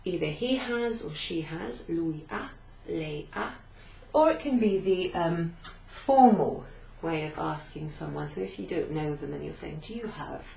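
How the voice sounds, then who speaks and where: A woman teacher reviews a beginner class in a slow, patient way, repeating phrases and turning to write on a board. Her voice sits a little low. The room adds a noticeable echo and a faint hum underneath. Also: lively intonation, creaky, mellow. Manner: writes on a board while talking, turning away at times. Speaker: language teacher. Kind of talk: recap of a beginner Italian class.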